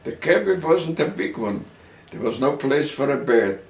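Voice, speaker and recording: Older guy telling his survivor story, slow and halting, echoey room, kinda far from the mic. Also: mid-range voice, lively intonation, creaky. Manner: slow, halting storytelling with restarts and occasional coughs. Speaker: Holocaust survivor giving testimony. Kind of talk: oral history testimony. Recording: roomy sound, speaker off-mic.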